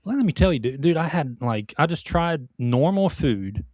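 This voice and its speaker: A man's voice: fairly high pitch, animated, normal speed, darkish tone, no echo, clean studio sound. A man co-hosting a podcast, ranting in casual chat with swearing and restarts. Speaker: podcast co-host.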